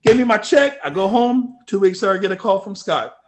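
A man spins a story in an interview, casual and profane. He drops to low mutters, then bursts out loud. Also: animated, brisk, few pauses. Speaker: guest.

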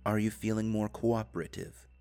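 A man's voice: lowish voice, normal speed, clean tone, lightly acted. A man voicing a cold, precise disembodied voice. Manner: flat, precise, oddly without qualities. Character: cold disembodied machine voice, clinical and controlling.

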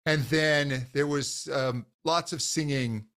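A man, a voice teacher, talking in a relaxed interview, earnest and enthusiastic, with frequent fillers and restarts. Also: a little high, slow. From grew up in a Scottish household. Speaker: voice teacher, podcast guest. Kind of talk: casual interview talk.

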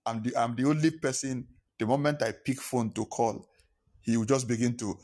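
Male pastor, mid-pitched voice, sermon delivery with repetition and acted-out phone calls. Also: fairly even intonation, moderate pace, a little mellow. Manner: preaching with repetition, acting out phone calls in pidgin.

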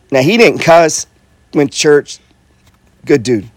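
A man's voice: on the high side, a little slow, no room sound. A middle-aged man, an investor and coach, giving a casual motivational talk. He is blunt and profane, repeats himself, and keeps asking "right?" and saying "bro.". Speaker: real estate investor and coach.

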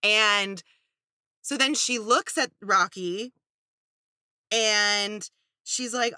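A woman's voice: medium pitch, drawn-out words, pauses often, pushed and bright, dry recording, studio quality. A young woman co-hosting a podcast, animatedly and sarcastically recapping a reality show with exasperation. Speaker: podcast co-host.

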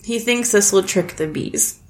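A woman's voice: mid-range voice, expressive, unhurried, gravelly. A woman with a Midwestern American accent chatting casually as a podcast co-host, rambling with lots of "like" and dry sarcasm. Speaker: podcast co-host recapping a film. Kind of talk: casual chat.

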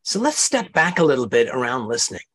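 Man, podcast host, husky voice, coaching tone. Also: mid-range voice, big pitch swings, quick pace, a bit bright. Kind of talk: podcast interview.

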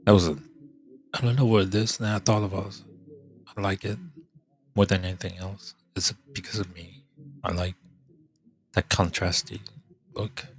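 A podcast host, a man with a congested, hoarse voice, rambling in casual chat, halting and trailing off as he thinks aloud. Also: deep voice, level tone.

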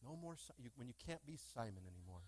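A man preaching a lively sermon in a church, with call-and-response and playful asides to the congregation. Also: mid-range voice, fast talker. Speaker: pastor. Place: church sanctuary.

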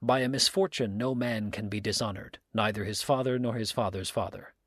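A man reading aloud, voicing a stern, upright countryman who speaks in a measured, severe way. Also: lowish voice, steady tone, dry recording, clean studio sound.

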